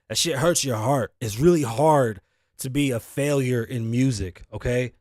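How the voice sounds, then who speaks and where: Through a studio mic and audio interface comes a clean, roomless recording of a mid-range male voice. The man, a host from the Bronx, New York, seems sleepy and tired. His casual solo talk show monologue wanders, swears and mocks himself.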